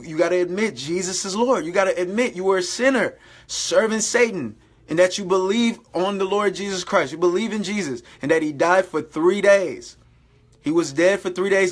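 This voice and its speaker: A man's voice: high-pitched, fairly bright tone. A man giving an informal sermon to online viewers, exhorting them, repeating phrases and calling them "guys". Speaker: preacher.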